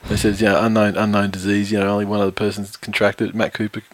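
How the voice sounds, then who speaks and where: A man co-hosting a casual sports podcast, rambling and chatty, reading listener reviews aloud slowly. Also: fairly low pitch, flat delivery, no room sound. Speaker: podcast co-host.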